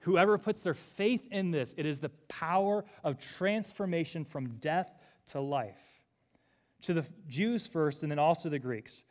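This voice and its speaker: A man's voice: fairly high pitch, measured pace. A man preaching a sermon, earnestly explaining a scripture passage line by line. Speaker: pastor.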